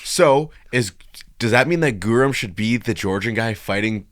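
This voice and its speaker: A man's voice: medium pitch, lively intonation, moderate pace, a bit bright. A young man co-hosting a casual fight-prediction chat with playful, teasing banter. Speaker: co-host.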